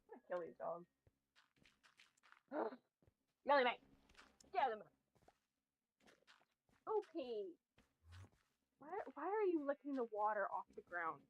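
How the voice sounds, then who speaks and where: A woman's voice: on the high side, very animated, unhurried, pauses often. A woman streamer chatting casually outdoors on earbuds while scolding her dogs. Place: outdoors, on a walk. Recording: dull lo-fi sound.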